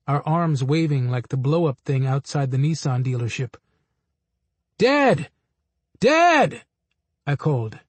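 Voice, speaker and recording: Man narrating a memoir, steady and measured. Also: fairly high pitch, dry recording.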